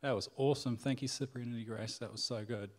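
A man's voice: medium pitch, fairly even intonation, a little fast, a little mellow. Casual man preaching, loose and conversational. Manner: conversational, with frequent fillers and restarts. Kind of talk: casual sermon retelling a Bible story.

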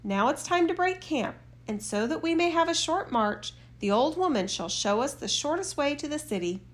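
A woman's voice: high voice, animated, moderate pace, voice pushed up. A woman voicing a bold, cheerful, hungry soldier in a fairy tale reading, speaking heartily. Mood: hearty. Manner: hearty and confident.

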